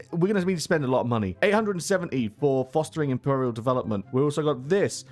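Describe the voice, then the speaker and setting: A young man giving casual gameplay commentary, excitable, laughing often and tripping over repeated words. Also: a little high. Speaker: gaming YouTuber.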